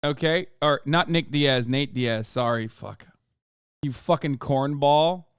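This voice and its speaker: A man streaming his reaction to a video, excitable and rambling and swearing a lot. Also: mid-range voice, slow, very noisy. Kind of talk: casual reaction commentary.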